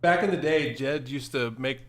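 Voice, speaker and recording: A man telling an excitable story in casual podcast chat. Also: medium pitch, normal speed.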